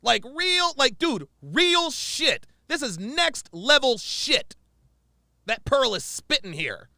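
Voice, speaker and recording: A man's voice: very high voice, sharp tone, no room sound, clean studio sound. A man giving heated, profane, sarcastic reaction commentary as the show's host.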